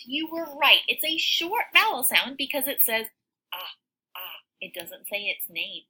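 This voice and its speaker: A woman teaching a phonics lesson to young children, sounding out words slowly and cheering her listeners on. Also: high-pitched, husky, rough recording. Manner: slow, sounds out words, animated encouraging teacher voice.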